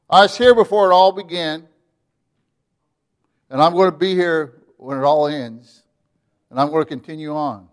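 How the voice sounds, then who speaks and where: A man preaching a sermon, reading scripture slowly with rising emphasis and pausing often on fillers. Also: high voice. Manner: frequent filler "uh" and restarts. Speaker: pastor.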